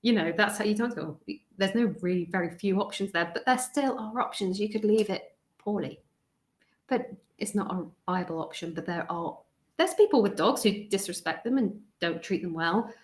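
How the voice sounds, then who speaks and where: A woman's voice: mid-range voice, moderate pace. A woman, a stress coach giving a live video talk to an online group from her home, chatty and prone to digressing and interrupting herself. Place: home room indoors, windows rattling in a storm. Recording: echoey room.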